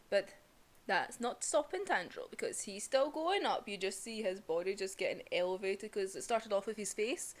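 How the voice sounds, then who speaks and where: Female manga reviewer, excitable and sweary, very lively pitch. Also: measured pace, long pauses. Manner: excitable, sweary, laughs often. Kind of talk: casual video review.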